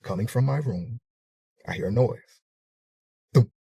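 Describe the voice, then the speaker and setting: Husky man telling a dramatic story. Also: mid-range voice, normal speed, warm tone, no room sound, studio quality. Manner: vivid, profane, acts out sounds and his own panic. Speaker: storyteller in a reacted clip.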